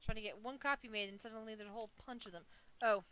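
A woman's voice: on the high side, racing, fairly bright tone, smooth, poor audio. A woman with an American accent, casually chatting at a tabletop game, rambling with restarts.

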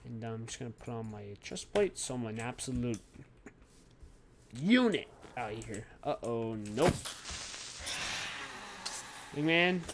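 A man's voice: medium pitch, animated, slow pace, long pauses, a little hiss or hum. A young man giving casual, goofy commentary while playing a video game and talking to his in-game pet. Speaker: gaming YouTuber.

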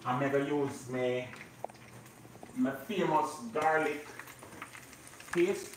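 A man's voice: on the high side, slow pace, background noise. A man with a Jamaican accent hosting a live cooking show from his home kitchen, chatting and joking as he cooks. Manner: joking, chatty, mixes in patois. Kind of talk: casual live cooking chat.

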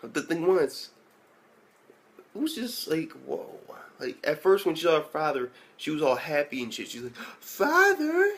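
A man's voice: fairly high pitch, moderate pace. A man giving a casual spoken anime episode review, rambling and swearing heavily with lots of "like" fillers.

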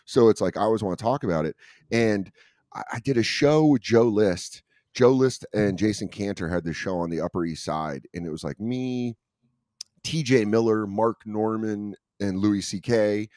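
A man, a comedian, telling stories in a casual podcast chat and slipping into quick impressions of other comics. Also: on the low side, darkish tone, dry recording, studio quality. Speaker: comedian guest.

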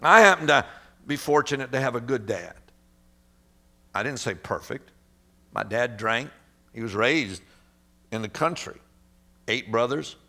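A middle-aged man, a pastor, preaching a sermon and telling a story with animated sound effects and acted-out quotes. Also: medium pitch, a little slow, long pauses.

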